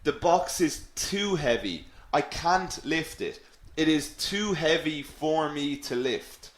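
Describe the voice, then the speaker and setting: A man's voice: fairly high pitch, animated, slow. A male English teacher giving a live online lesson, explaining patiently, often checking in with "okay?" and reading out viewers' names. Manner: reads out viewers' names and questions. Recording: roomy echo.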